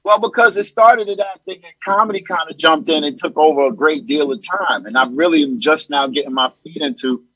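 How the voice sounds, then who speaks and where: Comedian guy on a show, high husky voice, dead dry sound. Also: brisk, hardly any pauses, no echo, low-quality recording. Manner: loose, animated storytelling. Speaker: comedian guest. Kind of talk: casual interview chat.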